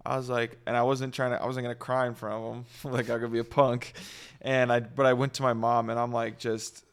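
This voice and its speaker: A man's voice: mid-range voice, little pitch movement, brisk, smooth. A man hosting a casual faith talk, rambling and earnest with lots of fillers.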